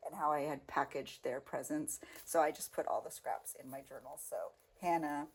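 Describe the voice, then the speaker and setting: A middle-aged woman chatting through her handmade journal, gushing over pages and drifting into soft murmured asides, with uneven volume. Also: low-pitched, steady tone, moderate pace, breathy edge. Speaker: craft vlogger. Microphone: home setup, volume uneven.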